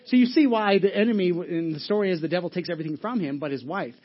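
Man, pastor, chatty sermon, acts out voices, fairly high pitch, muffled lo-fi audio. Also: rapid-fire. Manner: conversational, acts out Bible voices with humor.

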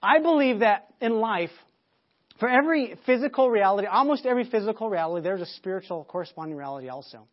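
Man preaching a sermon, halting storyteller. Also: sits high, expressive, lo-fi sound. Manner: storytelling, many repeated words and restarts; loud bursts when acting out shouts. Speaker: pastor.

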